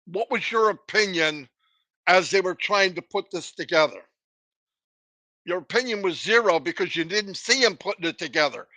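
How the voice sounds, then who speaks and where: A man delivers a live motivational talk in a high, bright voice. He is emphatic and keeps asking the listeners rhetorical questions. The sound is dry and close. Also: normal speed, no room sound. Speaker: motivational speaker.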